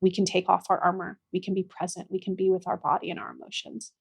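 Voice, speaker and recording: A young adult woman, guest on a podcast interview, speaking gently and earnestly about her healing work, at times getting emotional. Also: fairly low pitch, level tone, fast talker, vocal fry, slightly rough. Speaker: guest, somatic practitioner and author.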